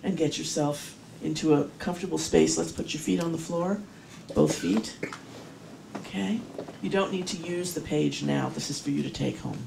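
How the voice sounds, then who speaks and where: A woman minister leading a guided meditation, calmly chanting short mantras over and over for the congregation to repeat. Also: low-pitched, gravelly, roomy sound, distant mic, noisy background. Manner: slow, soothing, repeats mantras in a chanted call. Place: spiritual center sanctuary.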